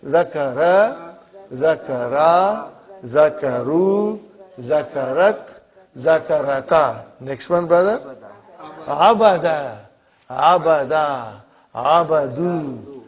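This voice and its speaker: A man's voice: on the high side, lively intonation, slow. A man teaching an Arabic grammar class, drilling verb forms aloud and checking in with his students. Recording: dull lo-fi classroom recording.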